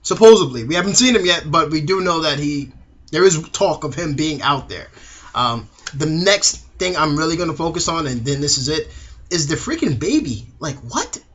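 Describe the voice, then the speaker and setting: A man's voice: fairly high pitch, sing-song, normal speed, fairly bright tone. A young man reviewing a TV episode in a casual, slangy way, acting out the characters' lines.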